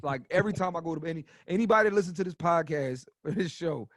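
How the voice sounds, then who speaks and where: A man in his thirties, a comedian guest telling stories on a podcast in a casual, animated way, swearing freely and getting loud as he goes. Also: on the high side, fast talker, no room sound, clean studio sound. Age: 30s.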